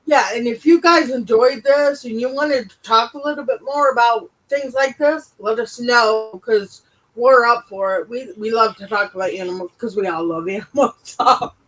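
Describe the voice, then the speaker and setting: A woman co-hosting a casual livestream, telling stories in an animated way and swearing freely. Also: fairly high pitch, moderate pace, low-quality recording. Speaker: co-host.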